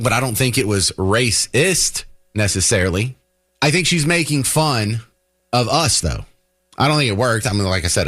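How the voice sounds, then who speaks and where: A man hosting a talk radio show, delivering a sarcastic, animated opinion monologue. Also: medium pitch.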